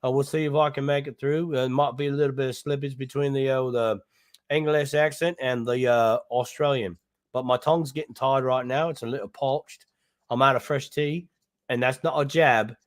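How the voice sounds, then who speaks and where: A man's voice: mid-range voice, fairly even intonation, moderate pace. A man co-hosting a casual livestream chat, rambling and joking as he thinks aloud while browsing a website. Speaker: co-host.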